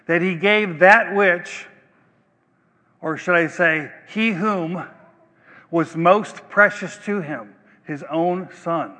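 Pastor, male, slightly high voice, deliberate emphatic delivery, church hall reverb. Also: pushed and bright. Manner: slow, emphatic preaching with long pauses. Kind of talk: sermon. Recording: long reverb of a large hall.

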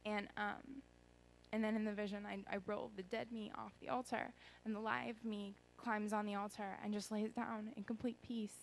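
A woman's voice: mid-range voice, little pitch movement, normal speed, creaky, a little hiss or hum, poor audio. A young woman giving an earnest, rambling personal testimony at a church gathering, full of ums and restarts. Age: young adult.

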